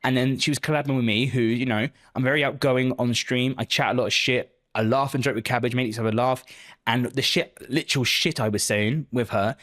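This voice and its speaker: A man's voice: medium pitch, fairly even intonation, fairly quick, fairly bright tone. A man live-streaming, chatting casually with viewers and answering their messages with lots of swearing and joking banter.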